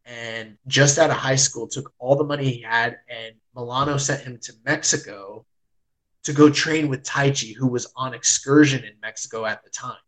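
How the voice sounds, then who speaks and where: Excitable man recapping in casual chat. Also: medium pitch, moderate pace, rough recording. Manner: excitable storyteller, heavy use of "like", swears. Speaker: podcast host reviewing wrestling.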